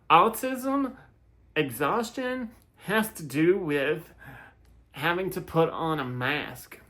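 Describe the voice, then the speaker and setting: A commentator reads online posts and comments aloud in a slow, easygoing way. The delivery is halting, with frequent restarts, giggles and offhand asides between lines. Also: mid-range voice, fairly bright tone. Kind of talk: casual reading of online comments with reactions.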